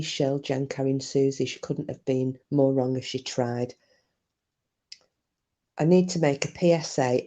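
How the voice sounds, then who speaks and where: A woman with a rumbling low, mellow voice hosts a casual livestream as its host. She reads comments aloud, chatty and sweary, and laughs easily.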